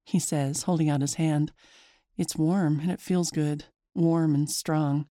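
A woman giving a chatty, lively first-person story narration. Her voice is mellow and mid-pitched, and the sound is close and dry. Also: a little slow, dry recording.

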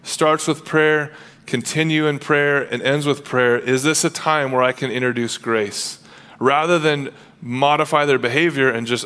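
In a church sanctuary, a male pastor preaches an earnest, conversational sermon, acting out quoted dialogue as he goes. His medium-pitched voice has a fairly bright tone at a moderate pace.

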